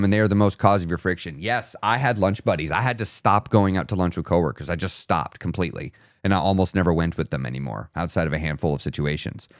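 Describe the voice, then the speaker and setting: A man's voice: sits low, dry recording, clean studio sound. A man hosting a weight loss live stream, giving an emphatic, repetitive motivational talk and reading out viewer comments.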